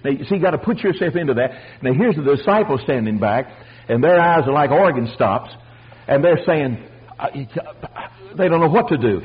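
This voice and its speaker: An older man preaching a folksy storytelling sermon, animated and acting out the voices of the people in his stories. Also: a little high, moderate pace, husky, muffled recording. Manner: animated, acts out voices, chuckles.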